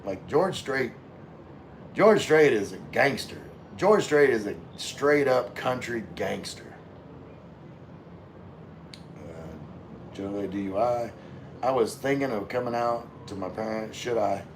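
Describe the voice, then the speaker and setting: A man reading viewer comments on a casual live stream, rambling and relaxed while drinking with his chat. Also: medium pitch, a little slow, a little hiss or hum. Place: room with floor-to-ceiling window.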